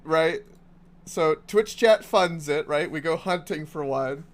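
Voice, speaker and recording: A man's voice: fairly high pitch, slow. A man streaming a game, chatting casually and rambling with lots of restarts and laughs. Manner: rambling, full of likes and restarts, laughs often. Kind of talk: casual live-stream chat while gaming.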